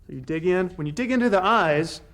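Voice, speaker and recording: A man's voice: sits high, expressive, brisk, a bit bright. A man teaching self-defense techniques to a class, giving short commands and encouragement as students practice. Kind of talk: hands-on class instruction.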